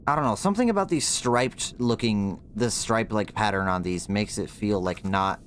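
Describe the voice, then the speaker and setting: A man's voice: on the low side, moderate pace, fairly bright tone, a little hiss or hum. A young man streaming a game, chatting casually in slang and thinking aloud as he plays. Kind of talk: casual gameplay commentary.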